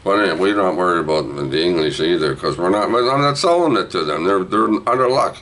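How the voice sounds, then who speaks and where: A man rambling through a jokey casual sales pitch for a comic book, dropping to low mutters and jumping up to loud hype. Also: expressive, fairly quick, low-quality recording. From Canada. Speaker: vlogger auctioning a comic book.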